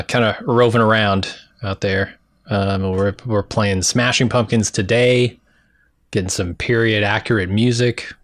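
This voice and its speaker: A man co-hosting a casual podcast, calmly summarizing an episode from his notes. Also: lowish voice, dry recording, clean studio sound. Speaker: podcast co-host. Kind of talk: casual TV recap chat.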